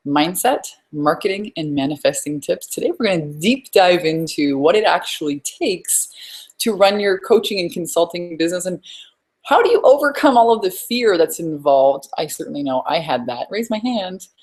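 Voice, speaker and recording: A woman's voice: fairly low pitch, animated, moderate pace, darkish tone. A woman business coach hosting a live webinar, effusive and upbeat, chatting with her audience as she teaches.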